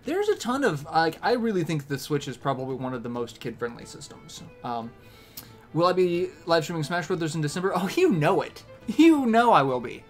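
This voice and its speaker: A man's voice: fairly high pitch, very animated, brisk, faint music behind. A young man casually chatting on a game livestream, rambling between topics and reading game lines aloud.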